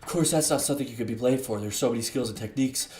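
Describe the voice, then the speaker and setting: Casting: timid bookish teen girl, a man doing her, low and hushed, roomy sound. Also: very fast, close to an everyday voice. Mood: earnest.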